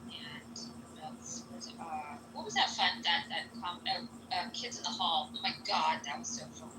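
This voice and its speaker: A woman's voice: fairly low pitch, steady tone, a little slow. A woman with a Midwestern accent in casual podcast chat, chatty and enthusiastic, often restarting her sentences. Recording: echoey room, distant mic, faint noise.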